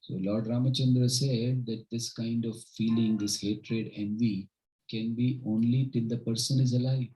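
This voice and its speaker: A man's voice: medium pitch, steady tone, moderate pace, warm tone, poor audio. Earnest man giving a devotional talk. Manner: earnest, keeps checking in with listeners. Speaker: spiritual teacher leading a home gathering. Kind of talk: informal devotional talk with stories. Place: home gathering with a group of listeners.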